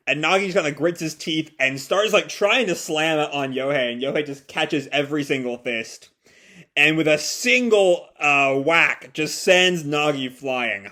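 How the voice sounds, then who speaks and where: A man's voice: on the high side, a little slow, bright, forceful tone. A young man reading and reacting to a comic chapter aloud, casual, with lots of fillers, swearing and laughs. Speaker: manga reaction reader.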